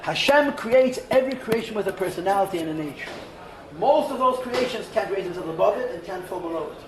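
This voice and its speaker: A man teaching a Torah class, animated and mixing in Hebrew and terms. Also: sits high, fast talker, a little hiss or hum. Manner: animated, mixes Hebrew and Yiddish terms, acts out voices in asides. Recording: roomy hall, voice from far off the mic.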